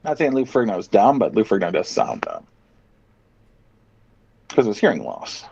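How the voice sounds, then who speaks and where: Lively, blunt man on a lo-fi podcast. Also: lowish voice, moderate pace, gravelly, breathy edge, no room sound. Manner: blunt, profane, rambling riffing. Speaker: podcast co-host. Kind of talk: casual chat.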